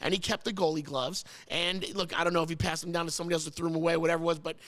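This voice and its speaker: A man's voice: a little high, little pitch movement, very fast, fairly bright tone. A man from New Jersey hosting a casual chat, telling a long story in a rambling way, often repeating words and getting choked up. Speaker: host.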